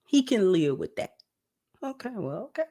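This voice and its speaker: A woman giving casual relationship advice to camera, talking conversationally, repeating phrases and dropping low and soft for asides. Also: sing-song, normal speed. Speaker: relationship vlogger.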